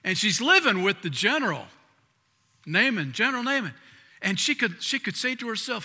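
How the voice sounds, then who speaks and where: A man preaching a sermon as pastor. He talks in a conversational way, restarting and repeating words, and swings between loud emphatic lines and quiet asides. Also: high-pitched, sing-song, moderate pace, slightly rough. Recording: long hall reverb.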